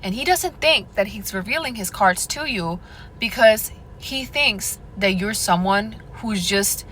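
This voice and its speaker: Young woman, sassy advice vlogger talking to camera, mid pitch, faint background noise. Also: expressive, unhurried, fairly bright tone, low-quality recording. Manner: sassy, addresses viewer as girl and honey. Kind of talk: direct-to-camera advice monologue.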